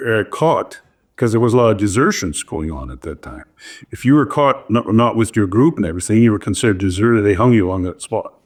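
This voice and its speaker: An older man telling a family war story in a casual, rambling way, restarting sentences and adding "eh?". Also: fairly low pitch. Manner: rambling, with many restarts and tag "eh?". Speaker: storyteller father.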